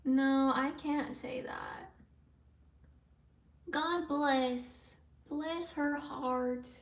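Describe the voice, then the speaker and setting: A woman with a high voice chats casually on her livestream, rambling along as she answers viewer comments aloud. She sits back from the microphone, so her voice sounds distant in a room with a noticeable echo. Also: fairly even intonation, extremely slow. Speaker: live streamer. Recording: roomy sound from away from the mic.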